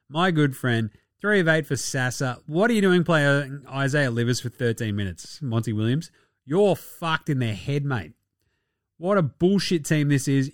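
A man's voice: mid-range voice, dry recording, clean studio sound. An Australian man hosting a casual sports podcast, talking in a rowdy, profane and mocking way. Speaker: podcast host.

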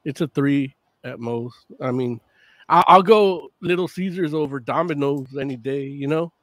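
A man co-hosting a casual podcast chat, animated and chatty, swearing freely. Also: medium pitch, normal speed, no room sound. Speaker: podcast co-host.

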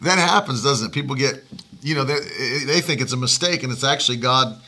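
Bright-voiced male pastor telling a story. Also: mid-range voice, a little fast. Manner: animated storyteller, laughs while talking. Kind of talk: telling a personal story in casual chat.

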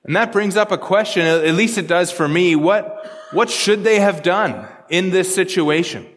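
High-voiced man preaching in an echoing hall. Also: measured pace, a little hiss or hum. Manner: earnest, repeats words while explaining scripture. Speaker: pastor. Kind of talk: sermon.

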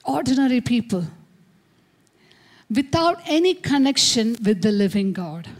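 Woman pastor, slow and emphatic sermon delivery with call-and-response, slightly high voice. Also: very animated. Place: church service.

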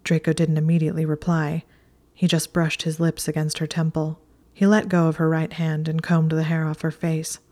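A woman reading a story aloud in a soft, hushed, steady whisper. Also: low voice, normal speed. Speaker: narrator.

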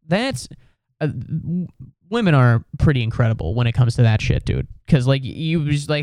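A man's voice: fairly high pitch, expressive, normal speed, a little mellow, no room sound, clean studio sound. A young man hosting a casual comedy podcast alone, rambling and swearing, full of "like" and "dude". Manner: rambling, profane, lots of likes and dudes. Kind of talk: casual solo podcast rant.

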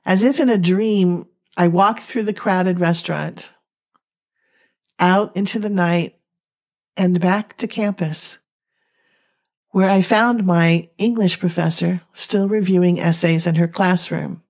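A young woman telling a dramatic first-person story in a slow, emotional, halting reading. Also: lowish voice, steady tone, darkish tone. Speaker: narrator.

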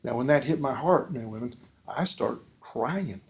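A man's voice: medium pitch, animated, moderate pace, vocal fry. Earnest man preaching with call-and-response. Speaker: speaker at a discipleship forum. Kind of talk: preaching talk.

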